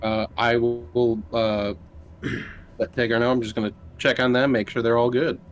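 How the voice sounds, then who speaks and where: A man playing in a tabletop game, excitable and quick to laugh, joking with friends. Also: mid-range voice, slight background noise. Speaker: player. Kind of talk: casual tabletop game chat.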